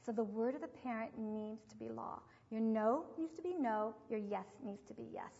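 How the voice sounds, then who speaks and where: High-voiced older woman storytelling in a hall. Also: moderate pace, creaky. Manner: lively storytelling with acted quotes. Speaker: parenting teacher. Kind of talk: devotional teaching talk. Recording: dull, echoey hall recording.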